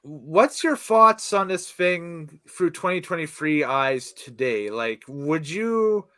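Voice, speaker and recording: A man's voice: on the high side, expressive, takes it slowly, pushed and bright, no room sound. A man hosting a casual podcast, leading the discussion, asking questions and laughing easily. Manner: upbeat, asks questions and laughs often. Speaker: podcast host. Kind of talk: casual chat.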